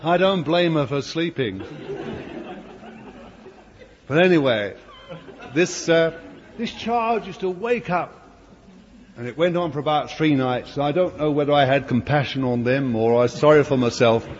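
A man's voice: fairly high pitch, lively intonation, unhurried, pauses often, a faint crowd. An older man preaching a storytelling sermon, chatty and anecdotal, full of playful asides. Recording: dull old recording in a reverberant hall with faint hiss.

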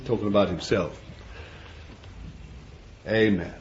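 A male preacher delivers a sermon slowly and deliberately, stretching out words and lingering on them. His voice is highly animated, dropping to quiet musing and rising to loud cries. The recording is dull and lo-fi, with a faint ambient hiss behind him. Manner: slow and deliberate, drawing out words.

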